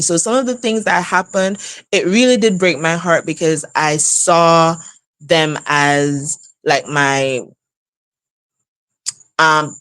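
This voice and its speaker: A woman in her thirties telling a personal story casually on a live stream, laughing often and jumping high in pitch for emphasis. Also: fairly bright tone, dry recording. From outside the U.S. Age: 30s. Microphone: live stream setup.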